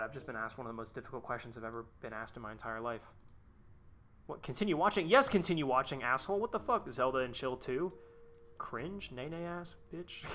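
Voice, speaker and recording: A man's voice: medium pitch, sharp tone. A man live-streaming as he designs a tank, talking casually to his chat with frequent swearing, exasperated outbursts and rambling asides.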